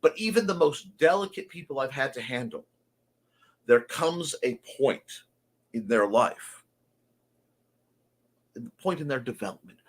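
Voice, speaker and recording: A man's voice: medium pitch, lively intonation, unhurried, pauses often. Guy hosting a morning show, folksy and confessional, voice bouncing all over. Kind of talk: reflective monologue.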